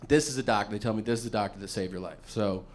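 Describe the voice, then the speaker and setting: A man's voice: lowish voice, racing. A man doing stand-up comedy, telling a long story with plenty of swearing and acting out what other people said. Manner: profane, acts out other people's lines.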